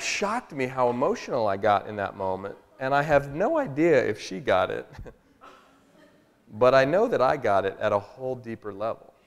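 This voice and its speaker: A man giving a motivational public talk, telling a personal story in an animated way. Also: mid-range voice. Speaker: motivational speaker. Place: public hall. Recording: long reverb of a hall.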